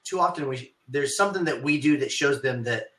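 Bright-voiced man in an echoey room. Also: mid-range voice, a little fast. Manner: thoughtful, rambling, with many restarts. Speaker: martial arts school owner, podcast host. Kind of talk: casual podcast conversation. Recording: roomy echo.

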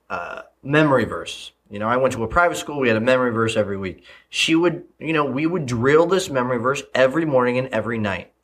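Male podcast host, mid-pitched, conversational storyteller with frequent ums and restarts. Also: a bit bright. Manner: storytelling, repeats phrases, frequent fillers. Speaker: podcast host, leadership coach. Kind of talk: casual solo podcast talk.

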